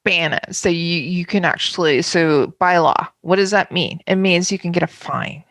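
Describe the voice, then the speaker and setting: A woman's voice: fairly low pitch, normal speed, fairly bright tone, no room sound. A woman co-hosting a podcast, chatting casually and firmly confirming points. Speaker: podcast co-host. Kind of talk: casual chat.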